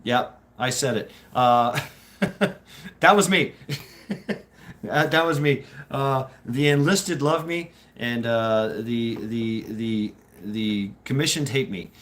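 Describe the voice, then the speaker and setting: A man's voice: medium pitch, takes it slowly, fairly bright tone. Guy rambling on his stream, swearing a lot, laughing, lots of restarts, plain mid voice. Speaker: streamer host. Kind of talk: casual live-stream chat with viewers.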